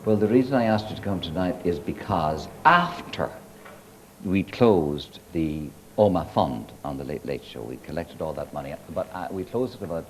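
A man's voice: sits low, lively intonation, normal speed. A man in his sixties hosting a live television chat show, questioning guests in a studio. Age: 60s. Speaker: talk show host. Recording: TV studio with audience and noise.

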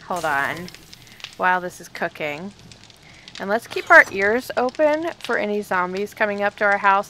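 A woman's voice: mid-range voice, sharp tone, slight background noise. A woman hosting a game let's play, chatting as she plays, talking to enemies, easily startled and often laughing. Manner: chatty, thinks aloud, talks to the enemies. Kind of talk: casual gameplay commentary.

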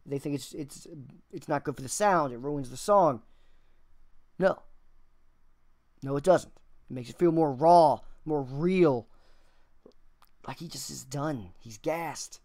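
A man's voice: a little high, slow pace, pauses often, darkish tone. A man hosting a music reaction video, talking casually and enthusiastically, thinking aloud and swearing now and then.

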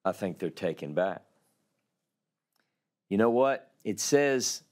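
Guy teaching a bible class, talks real slow, reads verses out with lots of drama. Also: mid-range voice. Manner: slow and deliberate, dramatic reading of scripture.

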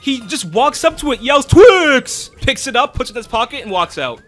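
Man, high voice, bright, animated storytelling, faint music behind. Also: fast. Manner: animated, fillers like "right?". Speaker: streamer. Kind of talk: casual storytelling.

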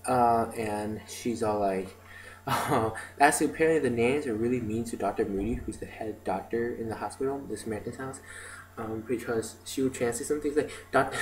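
Speaking in a mid-range, darkish voice, a video diarist rambles through his stories, scattering "like" and "um" everywhere. The casual recording is rough, with some hiss or hum.

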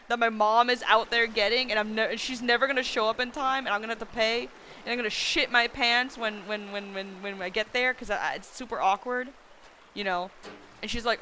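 A woman's voice: medium pitch, normal speed, sharp tone, slight background noise. A young woman streamer chatting casually while gaming, telling a rambling story and laughing a lot.

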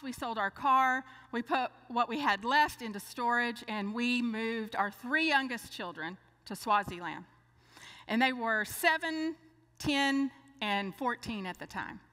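An older woman preaching a sermon, telling a lively story and acting out the dialogue. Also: fairly high pitch. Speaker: speaker. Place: church. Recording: long church hall reverb.

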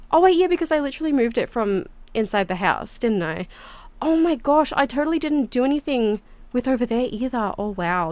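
A woman hosting a gaming channel, giving casual, chatty gameplay commentary with lots of quick exclamations. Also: high voice, no echo.

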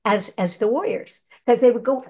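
A woman's voice: fairly high pitch, normal speed. An older woman, a seasoned actress and voice performer, telling stories animatedly in an interview. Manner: animated, chatty storyteller who acts out quotes. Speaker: guest, actress and voice actor. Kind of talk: conversational interview.

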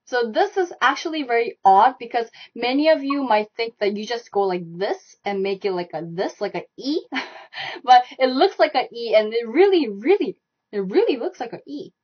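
A woman's voice: a little high, lively intonation, normal speed, breathy edge. A young woman teaching a live online Korean lesson, repeating stroke directions and sounds over and over as she demonstrates. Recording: dull lo-fi live stream audio.

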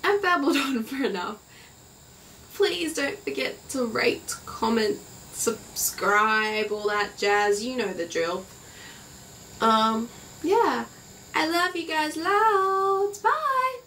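A woman's voice: a little high, takes it slowly, a bit bright, distant mic, a little hiss or hum. A teenage Australian girl in her bedroom, chatting in a rambling, bubbly way and acting out her stories. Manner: bubbly, rambling, acts out stories with silly voices. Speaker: vlogger. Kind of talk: casual vlog chat.

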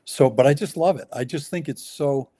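A man speaking as a pastor in a relaxed ministry conversation, pausing and restarting often as he describes his work. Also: fairly high pitch, husky. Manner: halting, with many restarts and fillers.

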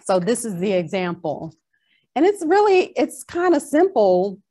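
A woman from Long Island with a New York accent, telling a personal faith story in a casual chat as a podcast co-host, animated and slipping into a New York drawl. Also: medium pitch, measured pace.

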